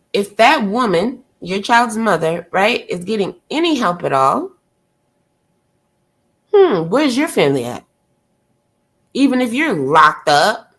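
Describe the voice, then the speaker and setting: A woman streamer ranting in blunt, exasperated commentary, firing off rhetorical questions and swearing freely. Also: mid-range voice. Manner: loud and gushing when she greets a viewer.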